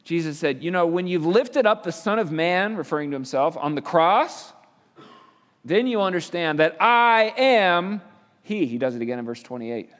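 A middle-aged man preaching a sermon in a church sanctuary, with a fairly high voice for a man. He explains things in a conversational way and keeps asking his listeners questions. His voice carries a long reverb from the hall. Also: lively intonation, fairly quick, few pauses. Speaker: pastor.

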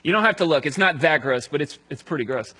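A male pastor giving a conversational sermon, telling the story aloud and dropping to a hush at solemn moments. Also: on the high side, animated, fast, a little hiss or hum, low-quality recording.

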